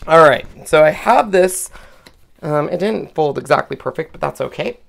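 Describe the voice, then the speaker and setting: A woman's voice: low voice, animated, normal speed, gravelly. A woman hosting a craft demonstration, chatting casually and laughing at herself while she works. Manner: chatty, self-deprecating, laughs often. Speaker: craft channel host. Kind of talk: casual craft demo chat.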